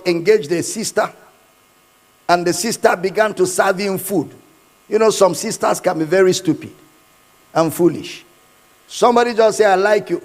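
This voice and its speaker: A man preaching a sermon in a church, emphatic and given to repeating his points. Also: sits high. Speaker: pastor. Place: church hall. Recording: hall reverb.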